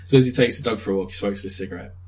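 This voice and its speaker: A young man chatting casually, retelling a film with lively swearing and laughter. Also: lowish voice, rapid-fire, poor audio. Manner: animated storytelling with swearing and laughs. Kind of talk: casual chat.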